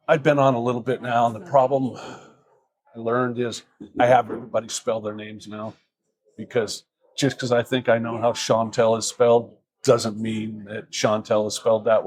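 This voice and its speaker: A man's voice: fairly low pitch, level tone, moderate pace, a little mellow. A middle-aged man, a police officer, telling a casual story from his early years on the job in a dry, easygoing way, acting out both sides of the exchange. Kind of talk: casual anecdote.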